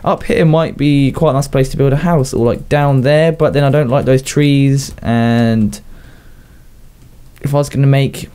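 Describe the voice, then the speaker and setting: A young man with a Southern English accent talks his way through a game in loose, rambling commentary. His voice is mellow and warm, sitting at an ordinary pitch, and he often chuckles at his own asides. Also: fairly even intonation, a little slow, clear, resonant tone. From southern England. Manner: rambling, self-chatting, laughs at his own jokes. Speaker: gaming YouTuber. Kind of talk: casual Minecraft commentary.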